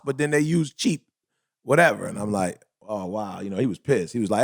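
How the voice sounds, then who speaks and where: A man co-hosting a casual podcast chat, telling stories in a lively, slangy way and acting out other people's lines. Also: on the low side, quick pace, dry recording, studio quality. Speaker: podcast co-host.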